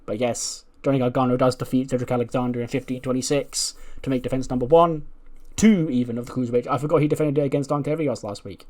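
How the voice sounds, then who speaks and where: A man's voice: mid-range voice, steady tone, fast, hardly any pauses, a little mellow. A man narrating and commenting on a wrestling simulation game in a loose, rambling way, swearing freely. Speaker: gaming video creator.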